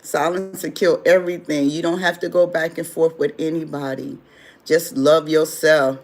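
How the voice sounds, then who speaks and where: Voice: mid-range voice, little pitch movement, moderate pace. A livestream host giving loose, rambling motivational advice in casual everyday speech, often repeating phrases for emphasis while answering viewer chat.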